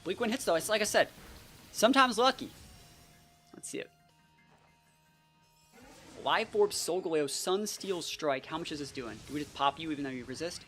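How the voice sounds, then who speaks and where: A young adult giving casual, excitable live gameplay commentary as a channel host, full of "like" and "bro". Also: mid-range voice, normal speed, pauses often, faint music behind. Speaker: competitive battle player and channel host.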